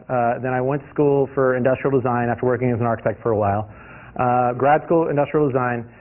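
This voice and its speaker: Fast-talking man telling anecdotes. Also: mid-range voice. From US East Coast. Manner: lively, anecdotal storytelling with frequent restarts. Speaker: guest lecturer, industrial designer. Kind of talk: lecture with personal anecdotes. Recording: tinny lo-fi recording.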